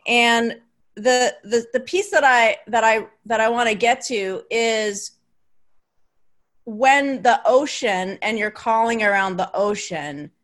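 High-voiced woman interviewing a guest. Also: slow. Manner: conversational, prompting the guest. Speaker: host.

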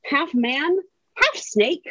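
Animated woman on a dull, dry mic. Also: high voice, extremely slow, crowd noise. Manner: animated, chiming in with plot details. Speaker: podcast co-host. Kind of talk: casual chat.

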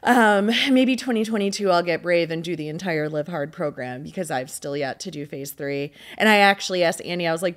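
A woman's voice: on the low side, a little fast, few pauses. A woman co-hosting a podcast in casual chat, upbeat and emphatic, talking in short punchy phrases. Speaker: podcast co-host.

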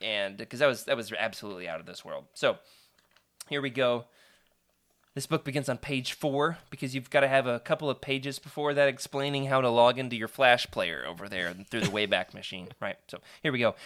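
A man's voice: mid-range voice, animated, normal speed, fairly bright tone. A man hosting a live stream, chatty and playful, reading a choose-your-own-adventure book aloud to his viewers.

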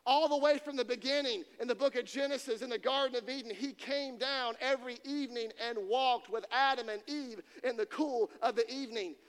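A man's voice: very high voice, fairly quick, few pauses, smooth. A man preaching a sermon to students, emphatic and repeating key phrases for weight. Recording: long reverb in a hall.

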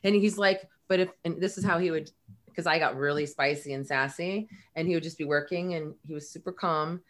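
A woman's voice: low-pitched, brisk. A middle-aged woman, a guest, telling an emotional personal story and acting out the dialogue in it. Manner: animated, acts out quoted dialogue.

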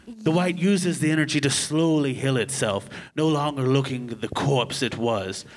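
A man's voice: medium pitch, normal speed, a little hiss or hum. A man serving as game master, narrating a tabletop game with dramatic storytelling.

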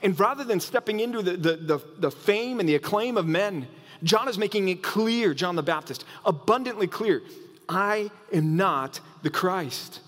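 High-voiced man preaching in a reverberant hall. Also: normal speed. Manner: animated, acts out quoted voices, frequent restarts. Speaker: pastor. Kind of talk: sermon.

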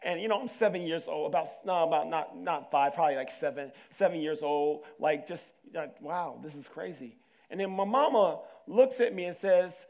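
A man delivers a sermon in a high voice, mixing storytelling with preaching. His phrasing is colloquial and animated, and he often repeats words for emphasis. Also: moderate pace. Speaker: pastor.

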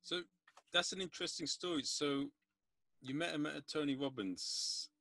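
A man's voice: on the high side, normal speed, vocal fry, sharp tone, dry recording. A man hosting a podcast in casual chat, asking questions with wry remarks. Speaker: podcast host.

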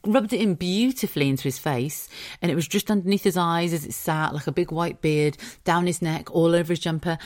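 A woman's voice: on the low side, a little fast, a little mellow, no room sound, studio quality. A British woman in her thirties hosting a podcast, telling a story in a chatty way, swearing freely and laughing often. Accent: British English. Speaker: podcast host. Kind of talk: casual solo podcast storytelling.

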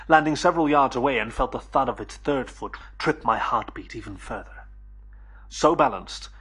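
Husky male audiobook narrator. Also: mid-range voice, fairly bright tone. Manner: measured, storytelling. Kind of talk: first-person audiobook narration.

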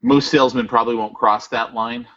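A man's voice: mid-range voice, fairly even intonation, brisk, pushed and bright. A man co-hosting a podcast in casual chat, telling stories in a rambling way with plenty of fillers. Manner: rambling storyteller with many fillers. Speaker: podcast co-host. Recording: dull lo-fi podcast audio.

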